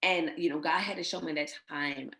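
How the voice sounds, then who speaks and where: Low-pitched woman guest, heartfelt personal storytelling, emotional and faith-driven. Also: fairly even intonation, normal speed, bright, forceful tone. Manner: emotional, faith-filled, retells others' words. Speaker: guest sharing her infertility story.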